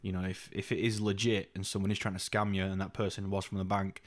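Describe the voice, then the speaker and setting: Sweary young man, low voice. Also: quick pace. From United Kingdom. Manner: sweary, animated storytelling with mocking put-on voices. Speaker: podcast co-host. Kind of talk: casual chat.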